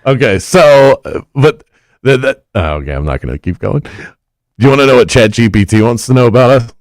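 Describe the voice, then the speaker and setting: A man's voice: mid-range voice, expressive, fairly quick, no room sound, low-quality recording. A man co-hosting a sports talk radio show, chatty and self-assured as he talks through betting.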